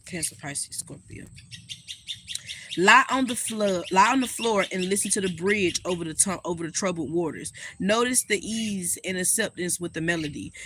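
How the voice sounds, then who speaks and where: A woman giving a casual astrology reading. She talks straight to her viewers in a sassy, animated way and swears freely. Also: lowish voice, slight background noise. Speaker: astrologer and spiritual reader.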